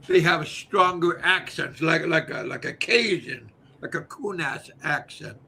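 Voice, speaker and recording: An older man hosting his own channel, chatting casually in a halting way, repeating words and pausing on fillers. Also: a little high, lively intonation, gravelly, pushed and bright, breathy edge. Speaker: channel host. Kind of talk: casual livestream chat.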